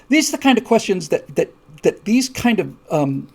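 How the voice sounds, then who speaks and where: Very animated at a moderate pace, a male show host with a gravelly, fairly high voice tells a story packed with fillers and restarts. He swings between hushed, low asides and fiery, repeated emphasis.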